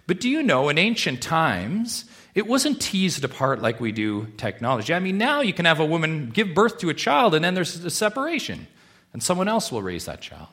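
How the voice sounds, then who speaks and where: Man preaching a sermon, lively pitch. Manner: swings from hushed and slow to loud and emphatic; asks the congregation rhetorical questions. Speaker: pastor.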